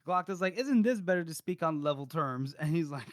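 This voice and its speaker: A man's voice: fairly high pitch, expressive, brisk, hardly any pauses, no echo, clean studio sound. A man co-hosting a casual book podcast, animatedly retelling scenes, acting out quotes and swearing. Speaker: podcast co-host.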